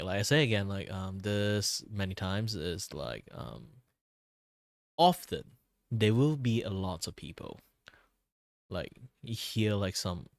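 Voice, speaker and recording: A man's voice: lowish voice, vocal fry, dry recording, studio quality. A man streaming as a VTuber, chatting casually in a worn, tired voice, rambling with fillers and little chuckles. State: voice worn and tired from talking a lot. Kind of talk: casual chat with stream viewers.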